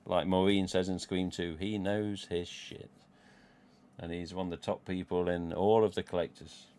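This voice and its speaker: A man's voice: low-pitched, little pitch movement, normal speed, darkish tone, clean tone. A middle-aged man with an English Midlands accent, chatting casually on a live stream, rambling and swearing freely as he goes. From England. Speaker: livestream host.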